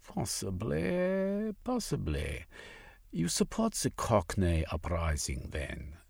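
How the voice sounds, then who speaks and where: A man voicing a gruff, skeptical older scholar who questions a visitor in a storybook reading. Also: mid-range voice, very animated, a little slow, a little mellow, dry recording, studio quality, voice pushed up, full character voice. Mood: suspicious.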